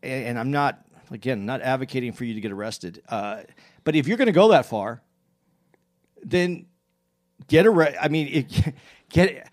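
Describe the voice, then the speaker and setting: A man chatting casually, telling a story in a rambling way with many restarts and self-corrections, and growing animated as he retells exchanges. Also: mid-range voice, unhurried, long pauses.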